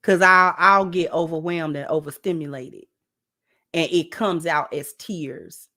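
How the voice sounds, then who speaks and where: A woman giving casual relationship advice to camera, talking conversationally, repeating phrases and dropping low and soft for asides. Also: unhurried. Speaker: relationship vlogger.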